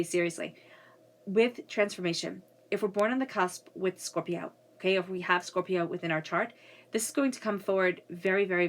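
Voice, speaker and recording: A woman giving a casual spiritual reading who is coming down with a cold and speaks earnestly, often repeating herself and checking in with "okay?". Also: mid-range voice. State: getting a cold. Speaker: tarot reader.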